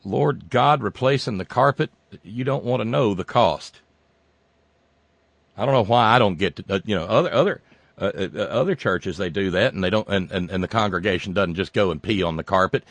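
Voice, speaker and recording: A man's voice: lowish voice, animated, normal speed, gravelly, dry recording. Dry-voiced rambling male radio host. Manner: rambling, joking, with sudden loud outbursts. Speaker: radio talk show host. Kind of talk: casual call-in radio banter. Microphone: studio microphone.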